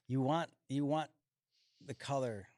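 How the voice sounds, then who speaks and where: A man who is a singer-songwriter, a guest in a casual conversation, relaxed and joking with hesitant starts. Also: mid-range voice, unhurried, dry recording.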